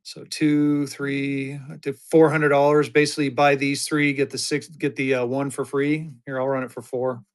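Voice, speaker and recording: A man's voice: medium pitch, level tone, moderate pace, hardly any pauses, smooth. A man hosting a live-stream auction, chatting upbeat with bidders and hyping each item as he sells it.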